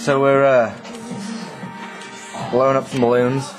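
A young man, a student, talking through a casual video diary in a relaxed, halting way, with a chuckle now and then. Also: medium pitch, music in the background, poor audio. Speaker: student vlogger. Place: student hall room.

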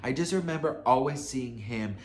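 A man's voice: medium pitch, expressive, moderate pace, slight background noise. A man telling a personal story in a casual, chatty vlog style, swearing freely and talking straight to the viewer as a friend. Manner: chatty and profane, addresses viewer as best friend. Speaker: gossip storyteller vlogger.

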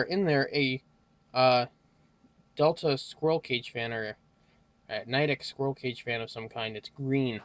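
A tired young man giving a casual, rambling hardware walkthrough, halting often with fillers as he moves around the camera mic. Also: mid-range voice, fairly bright tone, slight background noise. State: tired, yawning. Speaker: tech hobbyist vlogger.

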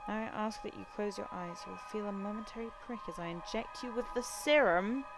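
A woman reading the lines of a solemn man leading a ritual, formal and measured in her own voice. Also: medium pitch, music in the background, natural voice. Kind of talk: reading game dialogue aloud.

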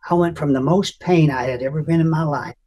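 Older man, somewhat high voice, earnest emotional testimony, halting restarts. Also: warm tone, a little hiss or hum. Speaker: guest telling his testimony.

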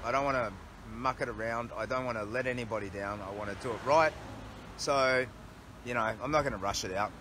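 A man's voice: mid-range voice, brisk, noisy background. An Australian man chatting casually on a livestream outdoors by a road, reading viewer comments aloud in an upbeat way. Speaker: charity walker livestreaming. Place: outdoors by a road, resting against a tree.

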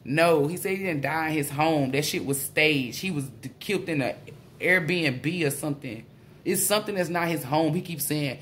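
A woman doing a casual spiritual tarot reading, excitable and blunt, swearing freely. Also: deep voice, normal speed, slight background noise. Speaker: tarot reader.

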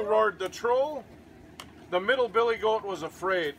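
A man reading a storybook aloud to his goats, pausing to talk to them about the pictures. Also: high-pitched, slight background noise, poor audio. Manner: animated reader, chats to the goats between pages.

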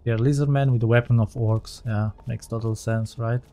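A man's voice: mid-range voice, steady tone, moderate pace, warm tone, faint music behind. A man giving casual let's-play commentary as he plays, thinking aloud and often correcting himself mid-sentence. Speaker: gaming channel host.

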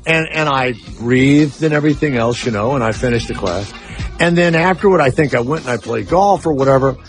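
A man's voice: medium pitch, expressive, fairly quick, soft background music. A man hosting a talk radio show, telling stories in a brash, casual way and swearing freely. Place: radio studio.

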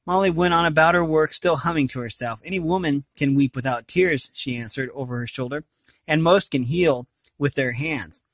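A man reading a fantasy novel aloud in a plain, unhurried way, with frequent slips and restarts. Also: a little high, no echo. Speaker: reader.

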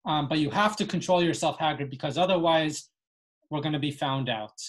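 A woman's voice: deep voice, a little fast. A woman teaching an online lesson on Yiddish dialects, reading passages aloud and translating them. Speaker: webinar teacher. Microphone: video call.

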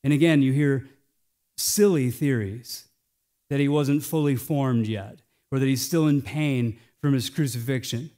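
An American male pastor delivering a sermon, swinging between hushed, slowed phrases and loud, emphatic lines. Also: mid-range voice.

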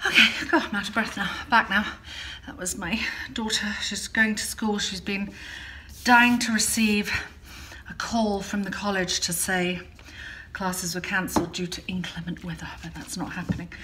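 A woman's voice: mid-range voice, steady tone, measured pace, bright, forceful tone, a little hiss or hum. A woman hosting a casual art tutorial, chatting in a rambling way with frequent ums and self-corrections as she demonstrates at home.

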